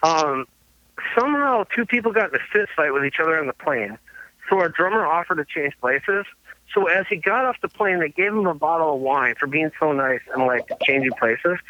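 A man with a fairly high voice tells road stories in a loose, chatty way. He laughs between lines and swears freely. The sound is dry and a bit dull, like a lo-fi remote recording. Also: dry recording. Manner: laughing, swearing, animated anecdotes. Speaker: guest musician. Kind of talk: casual storytelling.

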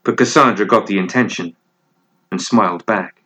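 A man reading a piece of fiction aloud as narrator, in a measured, deliberate way. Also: on the low side, pushed and bright.

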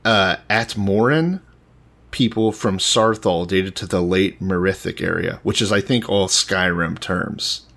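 A man co-hosting a podcast, chatting casually with teasing, deadpan jokes. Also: low-pitched, a little slow, creaky. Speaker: podcast co-host.

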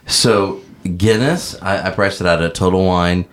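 A man's voice: low-pitched, a little slow. A man co-hosting a casual podcast chat, joking and teasing his friends. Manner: jokey, teasing, animated. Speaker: podcast co-host.

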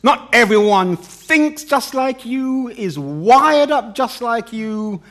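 A middle-aged man preaching a sermon, with dramatic emphasis, pauses and humorous asides. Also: very high-pitched, animated, a bit bright.

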